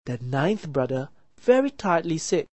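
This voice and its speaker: A woman narrating a children's counting story for a math lesson, reading in a clear, deliberate and expressive way. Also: sits low, no room sound. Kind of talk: slow read-aloud children's story narration.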